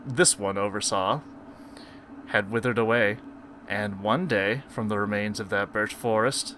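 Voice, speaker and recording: A man playing a formal, ancient forest handyman who speaks slowly and stiffly. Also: on the low side, sharp tone, slight background noise, voice pushed down. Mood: solemn.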